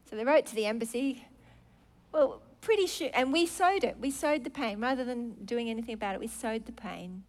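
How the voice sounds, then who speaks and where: A middle-aged woman preaching a sermon, expressive, swinging from soft, low asides to loud, exclaiming lines. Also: a little fast.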